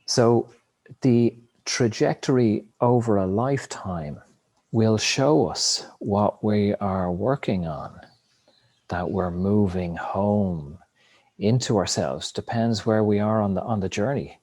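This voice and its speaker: Guy with a lowish voice rambling about life and meaning, casual swearing, dry close sound. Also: slow pace, a little mellow, no room sound. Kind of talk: casual spiritual monologue.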